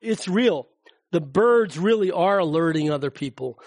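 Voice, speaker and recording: A man's voice: a little high, lively intonation, moderate pace, no room sound. Chatty man giving a rambling talk. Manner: rambling, chatty, frequent fillers and restarts. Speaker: guest speaker. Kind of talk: informal public talk with slides.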